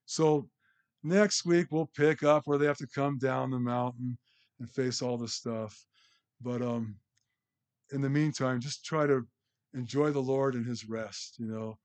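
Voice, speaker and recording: A man preaching to his congregation in a loose, conversational style, slowing and lifting his voice when he reads scripture aloud. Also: mid-range voice, fairly even intonation, darkish tone. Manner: conversational, loose, with restarts and fillers; slows and lifts his voice while reading scripture aloud. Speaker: pastor. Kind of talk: sermon.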